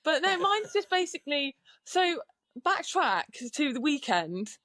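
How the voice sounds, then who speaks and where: A woman's voice: high voice, sing-song, unhurried, a bit bright, no echo. A British woman guesting on a podcast, chatty and self-mocking in casual talk.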